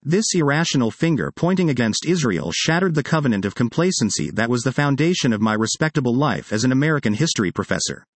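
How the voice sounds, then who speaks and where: Middle-aged guy reading his own essay, earnest and measured, pitch moves around a lot, dry close sound. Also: very animated, dry recording. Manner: measured, earnest, with deliberate pauses. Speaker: history professor and author. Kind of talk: reading a personal essay aloud.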